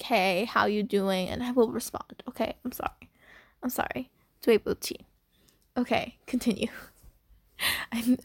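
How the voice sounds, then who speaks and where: A woman's voice: high-pitched, creaky, no room sound, clean studio sound. A young woman hosting her own unedited podcast, chatting in a scatterbrained, apologetic way. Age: young adult. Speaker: podcast host. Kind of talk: casual unedited podcast chat.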